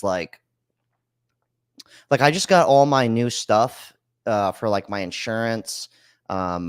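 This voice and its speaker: A man hosting a call-in podcast from his home studio in Florida rants bluntly about living costs, swearing in casual chat. His voice is medium-pitched, and the studio-quality recording has no echo.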